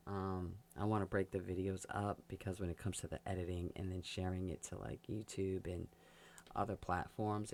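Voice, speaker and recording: A woman giving a casual tarot reading, chatty and quick to laugh, talking straight to the sign she reads for. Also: a bass voice, gravelly, a little mellow, a little hiss or hum. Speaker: tarot reader.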